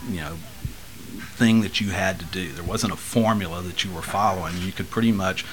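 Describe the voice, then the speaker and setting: A man from Texas speaks in a low voice, in loose, rambling interview talk. He laughs easily between his stories. A faint hiss of noise sits under the recording. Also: a little fast, poor audio. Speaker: guest musician.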